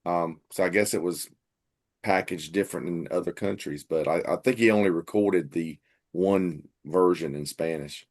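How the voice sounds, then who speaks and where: A man chatting casually in a relaxed way, laughing along with the others. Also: deep voice, moderate pace. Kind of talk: casual chat.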